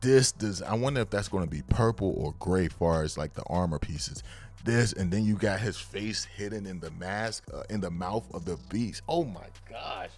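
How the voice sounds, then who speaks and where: Deep-voiced, slangy man reviewing comics. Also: moderate pace. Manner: slangy, excitable, breaks into loud bursts of hype. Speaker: manga reviewer. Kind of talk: casual chapter review.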